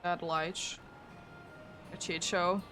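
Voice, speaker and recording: Finnish woman streamer, slow and giggly. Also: on the low side, flat delivery, a bit bright, soft background music. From Finland. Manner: chatty and giggly, with frequent laughs and restarts. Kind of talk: casual livestream chat.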